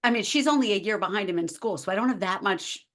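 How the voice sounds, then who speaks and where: A woman in her forties from the United States speaks quickly in a mid-range voice. She's a life coach appearing as a podcast guest, chatting casually and animatedly, acting out quoted dialogue as she tells her stories.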